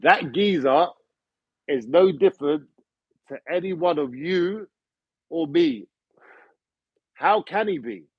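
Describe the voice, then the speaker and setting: Man, high husky voice, ranting and swearing, dull lo-fi recording. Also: animated, slow pace, pauses often, no room sound. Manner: ranting, profane, full of rhetorical questions. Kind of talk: opinionated monologue.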